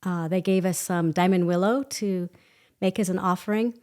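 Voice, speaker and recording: A woman guest telling a personal story in an animated way, laughing often and acting out quoted voices. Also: lowish voice, normal speed. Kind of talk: conversational storytelling.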